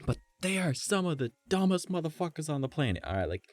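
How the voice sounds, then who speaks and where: A man's voice: on the high side, sing-song, fast, dry recording, soft background music. A young man streamer telling a story in a rambling, profane, conversational way. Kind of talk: casual storytelling on a live stream.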